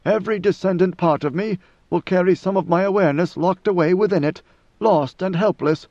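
An ancient god-emperor speaks in slow, grave, measured tones, as a male reader puts him on. The voice sits a little high and carries a dull, lo-fi sound. The recording is dry. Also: a little mellow, dry recording. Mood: solemn. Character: ancient godlike male emperor, calm, solemn.

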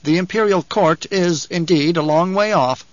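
A man's voice: high-pitched, moderate pace, dry recording, muffled recording, pitched above the performer's own voice, lightly acted. A man voicing a guarded male planetologist in an audiobook, curt and wary. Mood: stiff. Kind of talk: audiobook character reading.

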